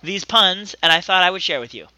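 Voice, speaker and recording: Bright, animated man swearing through jokes. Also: sits high, a little fast, dry recording. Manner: profane, exasperated joke-telling. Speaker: podcast co-host. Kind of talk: casual comedy banter. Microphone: remote call mic.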